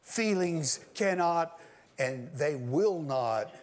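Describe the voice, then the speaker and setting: A man preaching a sermon, swinging between loud declarations and low, quiet asides, addressing his listeners directly. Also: lively intonation, extremely slow.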